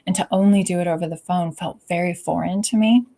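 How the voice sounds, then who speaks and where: Expressive woman coach with a lowish voice. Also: fast talker, gravelly. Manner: expressive, often drops to a soft near-whisper. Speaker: leadership coach, interview guest. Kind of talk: conversational interview. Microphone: video call.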